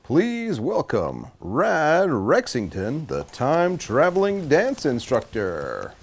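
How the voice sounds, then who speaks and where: A man's voice: a little high, wildly swooping pitch, slow pace, creaky, husky. A young man hosting a comedy game show in a showy announcer style. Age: young adult. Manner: showy, swooping announcer delivery.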